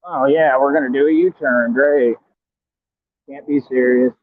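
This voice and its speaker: A man's voice: medium pitch, fairly even intonation, measured pace, dry recording. A man vlogging while riding a scooter through traffic, trash-talking a rival in a taunting way and stumbling over repeated words. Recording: tinny phone-like, dry.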